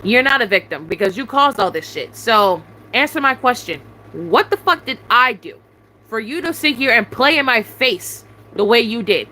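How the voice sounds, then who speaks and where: A woman's voice: fairly high pitch, expressive, moderate pace, pushed and bright, a little hiss or hum, rough recording. A young adult woman venting angrily at someone, demanding answers over and over with heavy swearing. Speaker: YouTuber venting on a live stream. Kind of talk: angry venting rant.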